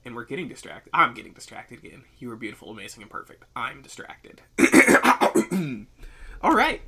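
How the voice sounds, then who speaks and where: A man's voice: mid-range voice, normal speed, a little hiss or hum. A man co-hosting a podcast, rambling in casual chat and then reading a scary story aloud. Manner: rambling, animated, laughs often. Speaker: podcast co-host.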